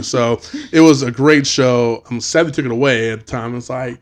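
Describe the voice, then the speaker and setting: Male podcast host, mid-pitched, animated casual storyteller. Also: normal speed, hardly any pauses. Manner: animated storytelling, acting out quotes, swearing freely.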